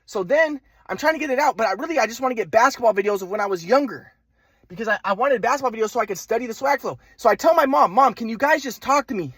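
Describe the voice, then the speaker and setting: Fast, rambling, high-voiced man. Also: lively intonation, fairly bright tone, breathy edge, no echo. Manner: rambling, many restarts and repeated words. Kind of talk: personal storytelling vlog.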